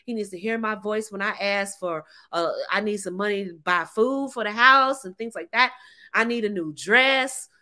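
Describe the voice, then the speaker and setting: A woman's voice: mid-range voice, moderate pace, bright, forceful tone. A woman, talking to camera in a sassy, emphatic way, laughing often and calling viewers ladies and honey. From United States. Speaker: relationship advice vlogger. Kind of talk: casual talk to camera.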